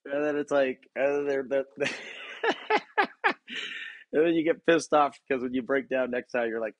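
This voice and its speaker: A man's voice: mid-range voice, steady tone, no echo. A man hosting his own podcast, rambling through a profane solo rant, laughing often and restarting his sentences. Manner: halting, many restarts and fillers. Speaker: podcast host.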